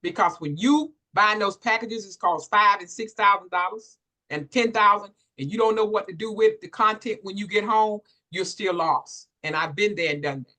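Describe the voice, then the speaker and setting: Fired-up woman host, bright forceful voice, preachy hype on a video call. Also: mid-range voice, normal speed. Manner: exuberant, preacher-like, hypes the audience. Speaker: workshop host. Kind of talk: lively church-inflected hosting. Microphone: virtual workshop call.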